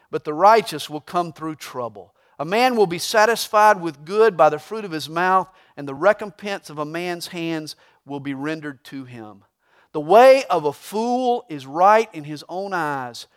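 A man preaching a verse-by-verse sermon, reading scripture and mixing in humor and a joke told with rising excitement. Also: high-pitched. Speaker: pastor.

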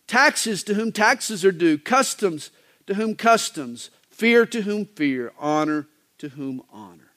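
A male pastor delivering a sermon in a folksy, joking manner, with wide swings in pitch. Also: expressive, unhurried, fairly bright tone.

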